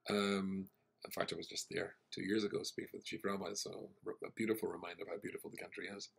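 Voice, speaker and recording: A man with a Scottish accent, a rabbi, telling an anecdote in a lively sermon that acts out the people in it. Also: low voice, fast, gravelly, slightly rough. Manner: animated anecdotal, acts out the people in his story. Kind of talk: storytelling sermon.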